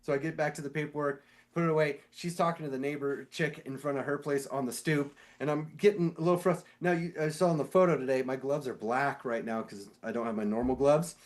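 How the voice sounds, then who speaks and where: A man casually telling a story on a podcast, animated and swearing, acting out the voices of the people in it. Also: mid-range voice, fairly quick. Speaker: podcast co-host; sewer inspector.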